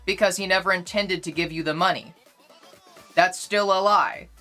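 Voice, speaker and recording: A woman's voice: fairly low pitch, fairly even intonation, normal speed, a bit bright, soft background music. A young woman streamer arguing insistently with her chat, repeating her points in a casual livestream.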